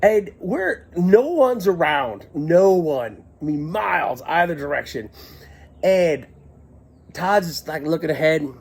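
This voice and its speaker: Male comic storyteller, husky voice with a lively, swooping pitch; excitable, giggly, filmed on a handheld camera. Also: slow. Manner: excitable, giggling, shouts quoted lines.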